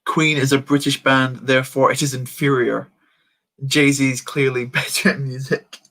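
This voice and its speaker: A man's voice: medium pitch, level tone, unhurried, pushed and bright. A man voicing an overdone, nasal American character in a put-on American accent, reciting in a mock-solemn way. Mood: smug.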